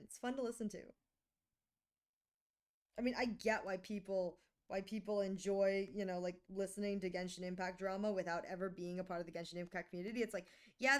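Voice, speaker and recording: A sick woman streamer chatting casually and playfully, reading her chat aloud. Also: mid-range voice.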